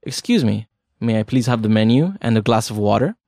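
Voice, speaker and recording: A man's voice: on the low side, expressive, fairly quick, gravelly, warm tone, no echo, clean studio sound. A man hosting a casual language lesson podcast, chatty and explaining with examples. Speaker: podcast host.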